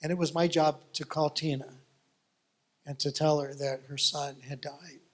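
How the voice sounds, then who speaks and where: A male pastor preaching with a high voice. He tells his story in an animated, folksy way that keeps the congregation listening. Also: normal speed. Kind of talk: sermon storytelling.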